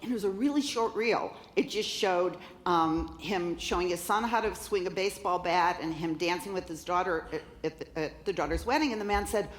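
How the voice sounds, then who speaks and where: A woman in her fifties telling a lively, laughing story as a keynote speaker. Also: on the low side, a little fast, hardly any pauses, reverberant. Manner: animated, laughing, acts out voices in quotes. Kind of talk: storytelling talk to a live audience. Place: conference stage.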